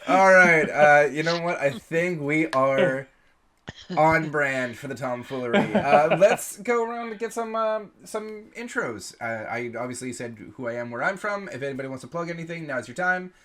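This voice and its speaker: Canadian guy dming, rambly and chatty, keeps restarting, kinda high voice. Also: lively intonation, normal speed, a bit bright. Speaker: game master. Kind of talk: hosting tabletop game intros.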